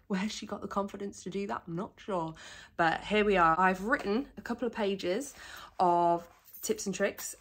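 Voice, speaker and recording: A young British woman sharing competition tanning tips in a chatty, self-mocking talk to camera, a little out of breath. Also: on the low side. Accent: British English. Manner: chatty, self-mocking asides, quick laughs. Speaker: bodybuilding competitor and vlogger.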